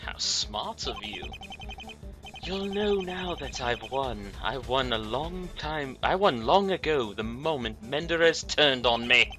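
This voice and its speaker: A man's voice: medium pitch, animated, over music. A man putting on a smug British mob villain. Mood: cold menace. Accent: put-on British. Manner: menacing, unhurried, polite threats. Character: cold, smug male mob boss villain.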